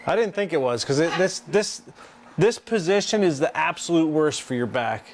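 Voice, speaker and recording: A man hosting a live art stream, explaining his work in a halting, rambling way with lots of restarts. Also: a little high, lively intonation, background noise. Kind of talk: casual live-stream chat while working.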